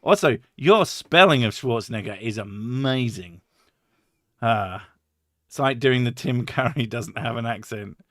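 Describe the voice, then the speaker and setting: A man's voice: medium pitch, expressive, measured pace, fairly bright tone, dry recording, studio quality. A man hosting a stream, rambling and swearing, laughing often in casual chat. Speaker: streamer host.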